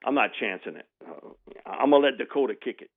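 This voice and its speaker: A man's voice: mid-range voice, fast talker, creaky. A man, telling a sports story on the radio and acting out the people in it. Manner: animated, mimics voices in anecdotes with laughs. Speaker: radio guest. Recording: tinny phone line.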